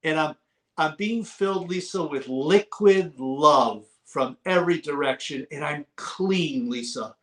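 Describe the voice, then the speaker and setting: A middle-aged man tells his testimony as an interview guest, his voice sitting a touch high for a man. He speaks with fervent, storytelling energy and sometimes breaks into shouts as he relives the moment. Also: a little slow. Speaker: guest, author. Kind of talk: testimony in a talk-show interview.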